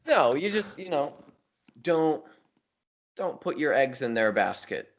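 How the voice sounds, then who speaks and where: A man co-hosting a podcast, talking casually about bodybuilding and coaching with a relaxed, rambling manner and frequent restarts. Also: fairly high pitch, takes it slowly. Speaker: podcast co-host. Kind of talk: casual chat.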